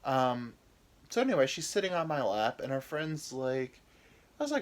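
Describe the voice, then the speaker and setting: A man's voice: mid-range voice, big pitch swings, normal speed. A man in his thirties hosting a podcast, telling rambling, self-deprecating comic stories about his anxiety with women. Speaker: podcast host. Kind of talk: rambling comedic storytelling.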